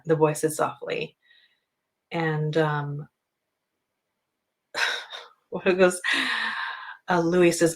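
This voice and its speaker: Low, unhurried woman host, casual book chat, rambling and full of ums. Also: flat delivery, low-quality recording. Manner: chatty, rambling, many ums.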